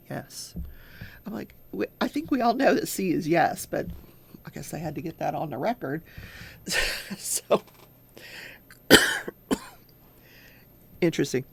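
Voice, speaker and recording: A woman's voice: fairly low pitch, gravelly. An older woman hosting a casual talk show, recapping a trial and acting out quotes as she goes. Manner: chatty storyteller who acts out quotes. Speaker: crafting talk show host.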